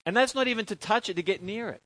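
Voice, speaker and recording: A man preaching a sermon, in an animated way, asking his congregation questions and answering them himself. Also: high-pitched, fast talker, no room sound.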